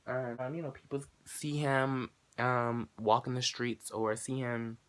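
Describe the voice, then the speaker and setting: Speaking a little slowly, a late-teen vlogger tells a story to camera in a casual, animated and profane way. He voices both parties in the conversation with sudden jumps in pitch and volume.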